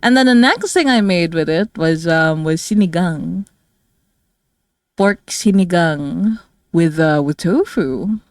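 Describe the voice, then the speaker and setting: Slow, tired woman streamer. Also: fairly low pitch, lively intonation, no room sound, studio quality. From Philippines. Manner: rambling and chatty, many fillers, frequent soft laughs. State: tired and low on energy. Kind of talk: casual livestream chat with viewers.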